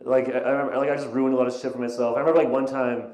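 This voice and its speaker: A man's voice: medium pitch, level tone, rapid-fire, darkish tone. Give me a young man rambling through a stand-up set, stumbling over his words, recorded in an echoey room. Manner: rambling, self-deprecating, stammering restarts. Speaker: stand-up comedian. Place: small comedy venue. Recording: echoey, poor-quality live room recording. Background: audience laughter.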